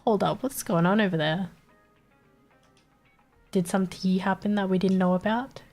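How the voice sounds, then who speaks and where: A woman's voice: medium pitch, fairly even intonation, moderate pace, darkish tone, soft background music. A young woman streaming live, chatting casually with her chat, swearing and laughing often, her nose blocked so she sounds stuffy.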